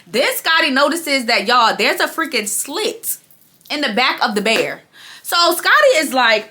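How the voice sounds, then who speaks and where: A young woman recapping a reality show for her viewers in a chatty, animated way, repeating phrases and talking straight to her audience. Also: high-pitched, normal speed. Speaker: TV recap vlogger. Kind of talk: casual recap commentary.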